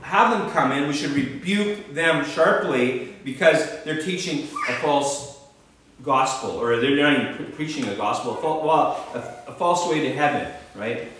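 A man with a Canadian accent preaches with emphatic force, pitched a bit high for a man. His points keep ending in a quick "right?" or "okay?". He sits back from the mic in a very echoey church with a faint hiss behind him. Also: fairly bright tone, far from the mic. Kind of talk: sermon. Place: church hall.

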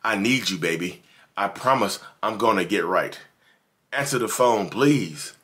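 A man's voice: on the low side, animated, a little slow, sharp tone. A man playing a begging ex-boyfriend. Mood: pleading. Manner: begging, repetitive pleading. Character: pleading grown man begging to come home.

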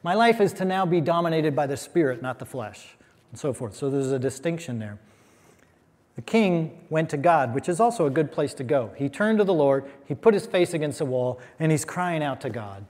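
A man's voice: fairly high pitch, animated, normal speed, a little mellow. An American man from a church, teaching a Bible lesson in a conversational, emphatic way with wry asides. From United States. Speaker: pastor. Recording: long reverb of a hall.

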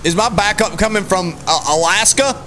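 A man streaming a police role-play game, excitedly calling out a chase, shouting and repeating himself. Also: sits high, slight background noise. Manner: excitable, shouts and laughs, repeats phrases rapidly. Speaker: streamer playing a police deputy.

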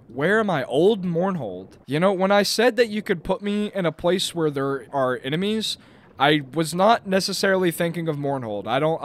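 A man's voice: fairly high pitch, fairly bright tone. A young man giving jokey let's-play commentary, rambling and breaking into panicked yelps. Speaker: gaming YouTuber.

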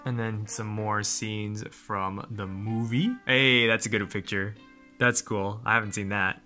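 A man hosting an unboxing vlog, excitable and gushing, full of exclamations. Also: on the low side, unhurried, faint music behind. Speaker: channel host.

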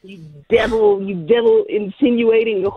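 A man's voice: sits high, fairly even intonation, moderate pace. A man calling in to a radio show, ranting and hurling insults. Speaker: caller. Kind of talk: call-in rant. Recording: dull phone-in audio.

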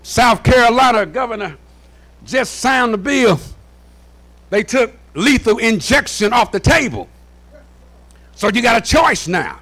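A man preaching a fervent sermon in a church, often shouting and repeating "watch this" to rally the congregation. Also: very high voice, very animated, unhurried, long pauses. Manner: shouting, repeats "watch this", folksy call-and-response. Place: church sanctuary.

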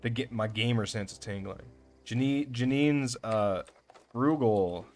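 A young man giving casual, excitable gameplay commentary, swearing often and talking to himself as he plays. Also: mid-range voice, unhurried. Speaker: let's play gamer.

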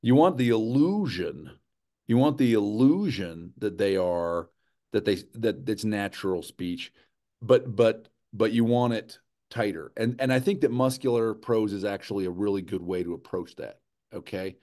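A man's voice: lowish voice, moderate pace. A man presenting a writing workshop in a conversational lecture style, often checking in with his listeners. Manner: animated, often checks in with "right?" and "okay?".

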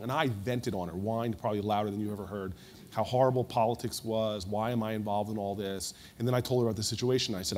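A man speaking on a conference panel, telling a story quickly and with animation, often restarting his words. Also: fairly low pitch, steady tone, darkish tone, a little hiss or hum. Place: stage at a conference before an audience.

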